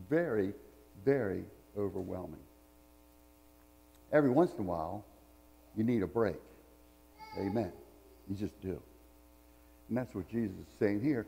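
A man's voice: medium pitch, gravelly, mellow, big-room sound, low-quality recording. A man preaching a sermon in a church, reading scripture and telling folksy stories with jokes. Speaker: pastor. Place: church sanctuary.

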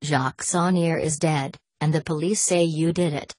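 A woman's voice: sits low, steady tone, normal speed, darkish tone, breathy edge. A woman voicing a stern, wary older male scholar in an audiobook, cold and formal.

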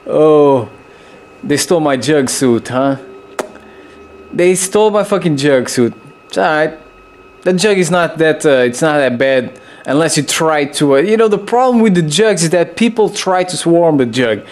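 Unhurried yet excitable, a young man gives casual gameplay commentary peppered with swearing and sudden high-pitched yelps.

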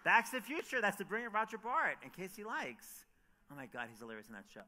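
A man on stage at a festival, telling excited, gushing anecdotes and acting out the people he quotes. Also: sits high. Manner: gushing, excitable, quick asides, acts out quotes. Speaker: author and radio host speaking at a festival. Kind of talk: animated anecdotal storytelling on stage.

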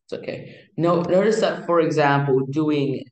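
A man teaching music theory in a casual, halting way, with many fillers and restarts. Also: fairly high pitch, reverberant, poor audio. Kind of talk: casual explanatory lesson.

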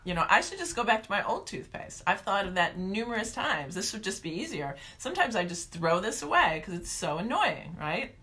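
A woman talking through a self-help method in a chatty, animated vlog. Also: lowish voice.

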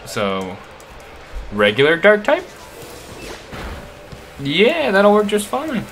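A young man giving casual, slangy gameplay commentary, excitable and swearing often. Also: sits high, extremely slow, soft background music. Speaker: let's play host.

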